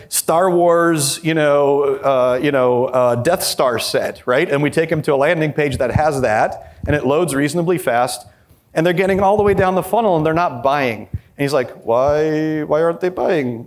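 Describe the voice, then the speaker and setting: A man giving a live workshop talk at a conference, blunt and candid, acting out quoted dialogue with shifting pitch. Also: moderate pace. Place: conference session with a live audience.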